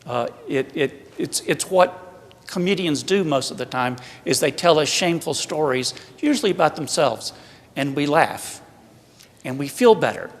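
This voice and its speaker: A man with a Southern American accent preaches to a church retreat in a casual, joking manner that often pokes fun at himself. His voice sits somewhat high. Long reverb from the church hall trails behind each phrase. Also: lively intonation, normal speed. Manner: humorous, self-deprecating preaching. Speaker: priest giving a retreat talk. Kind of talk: conversational sermon.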